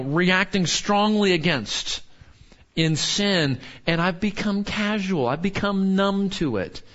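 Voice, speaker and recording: Earnest preaching man, dull recording. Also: a bit bright. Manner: earnest, rises sharply when quoting and falls low when somber. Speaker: pastor. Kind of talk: sermon.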